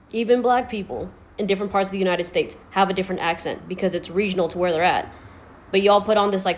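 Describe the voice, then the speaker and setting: A woman social media creator giving a blunt, profane, exasperated rant to camera. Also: mid-range voice.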